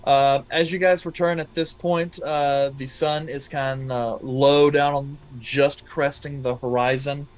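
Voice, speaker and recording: A man narrating a tabletop game as game master, pausing often with ums and uhs. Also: medium pitch, level tone, low-quality recording. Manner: hesitant, many ums and uhs.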